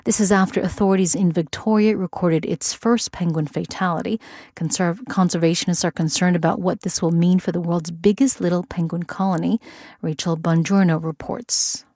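A newscaster reading radio news in a crisp, scripted way. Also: male voice, sits high, steady tone, moderate pace, darkish tone, no echo, studio quality.

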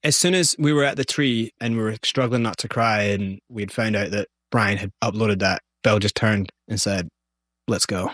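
A man with a Scottish accent, telling animated stories as an interview guest. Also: lowish voice, moderate pace, few pauses, no echo, studio quality. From Scotland. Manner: animated, vivid storyteller. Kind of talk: storytelling interview.

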